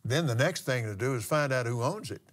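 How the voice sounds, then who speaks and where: An older man, a minister telling a testimony story in a folksy, drawn-out way with pauses and restarts. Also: medium pitch, expressive. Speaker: minister and pilot. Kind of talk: storytelling testimony in a broadcast talk.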